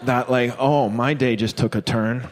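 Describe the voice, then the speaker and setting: A man's voice: medium pitch, steady tone, a little slow. A man wrapping up a comedy set with a laughing, rambling delivery. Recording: loud crowd and room noise.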